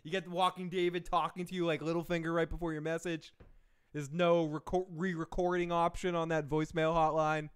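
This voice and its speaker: A man's voice: fairly high pitch, flat delivery, brisk, smooth. A man hosting a live stream, rambling in casual chat with profane, chuckling asides. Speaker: show host.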